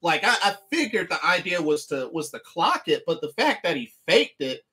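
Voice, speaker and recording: A man's voice: a little high, sing-song, moderate pace, sharp tone. A man streaming a sports game recap, talking emphatically and repeating the same phrases again and again. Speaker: livestreamer and sports fan.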